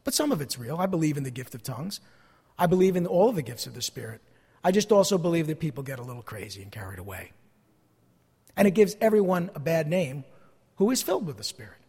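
A man preaching a sermon as pastor, emphatic, repeating key phrases and swinging between loud declarations and hushed asides. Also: a little high, very animated, fast, breathy edge. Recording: long hall reverb.

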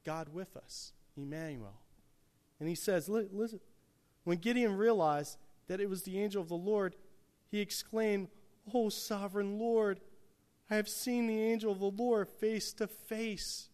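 A man preaching a sermon, swinging from hushed, quiet passages to loud, emphatic peaks. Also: sits high, a little slow.

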